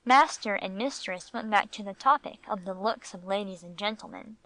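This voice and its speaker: A woman narrating a classic audiobook in a measured, even storytelling manner. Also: mid-range voice, dry recording, low-quality recording. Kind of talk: scripted narration.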